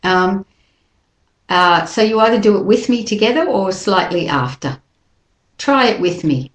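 A woman leads a pronunciation lesson, taking her time and saying each word deliberately so listeners can repeat after her. Her voice sits at an ordinary middle pitch, and the room around her gives back a noticeable echo. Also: expressive. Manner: slow, careful modelling of words for repetition. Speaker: pronunciation teacher. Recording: echoey room.

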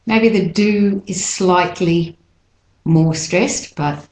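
A woman teaching pronunciation, repeating words slowly and stretching the syllables. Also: medium pitch, echoey room, rough recording. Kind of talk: slow, deliberate pronunciation lesson.

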